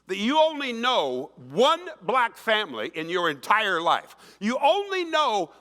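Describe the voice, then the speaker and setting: A man in his sixties giving an emphatic keynote speech, telling stories to an audience in a conference hall. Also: very high voice. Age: 60s. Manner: animated, emphatic storytelling, acts out quoted voices. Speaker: keynote speaker. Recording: long reverb of a large hall.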